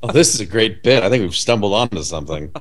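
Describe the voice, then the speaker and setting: Blunt, profane low-voiced man. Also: expressive, fast talker. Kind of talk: casual movie chat.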